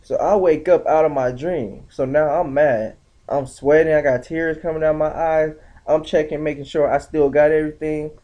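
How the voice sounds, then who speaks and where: A young man telling a story casually on his vlog, slangy and animated, acting out the other people's lines in shifting voices. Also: a little high, moderate pace. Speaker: vlogger.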